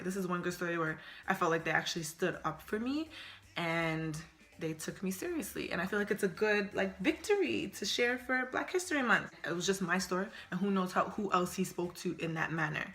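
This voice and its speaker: A young woman in her twenties chats to camera about something that happened to her, expressive and loose with casual slang. Her voice is bright and forward, with a clear ring to it. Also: medium pitch. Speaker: storytime vlogger.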